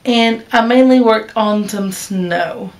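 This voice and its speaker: A woman's voice: mid-range voice, slow. A woman vlogging casually to the camera about her stitching, chatty and rambling, often restarting her sentences. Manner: chatty, rambling, with fillers and self-corrections. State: hiccups.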